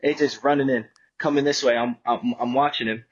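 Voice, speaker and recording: A man's voice: medium pitch, fairly even intonation, fairly quick, dull audio. A man guesting on a podcast, telling a long story in a rambling, profane, casual way and acting out what people said. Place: podcast studio.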